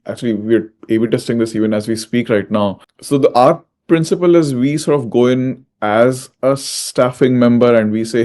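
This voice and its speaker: A man, a tech executive guest, explains how things work. He speaks matter-of-factly. His voice has a mellow, warm tone. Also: medium pitch, normal speed, hardly any pauses. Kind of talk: interview answers.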